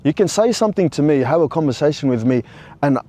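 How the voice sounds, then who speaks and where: Man telling a story, slightly high. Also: animated, fast, warm tone. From Australia. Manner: conversational, full of restarts, bro and you know. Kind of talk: casual personal storytelling.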